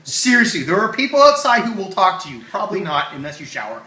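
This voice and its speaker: A man hosting a comedy show, rambling and joking with loud bursts, in an echoey room. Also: sits high, very animated, fast talker, distant mic. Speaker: comedy podcast host. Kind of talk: casual comedy banter.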